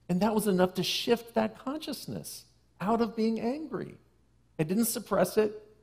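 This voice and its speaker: A man preaching a sermon to a congregation in a conversational way, with playful asides, who slows and softens for key phrases. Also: high-pitched, expressive, creaky, breathy edge. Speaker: minister. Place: church sanctuary.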